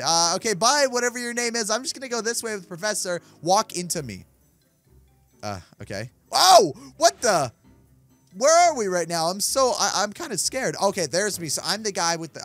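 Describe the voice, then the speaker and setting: Excitable male game host, high and bouncy voice, reacts loudly while reading the game out. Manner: excitable, reads game text aloud and reacts. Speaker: gaming video host. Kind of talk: excited gameplay commentary.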